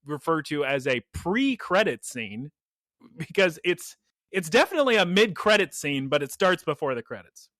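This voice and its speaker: A man with a high, bright voice recaps a cartoon episode for his co-hosts, building it up with animated storytelling. The sound is close and dry, with no room around it. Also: normal speed, dry recording. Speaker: podcast host recapping an episode. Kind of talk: casual chat.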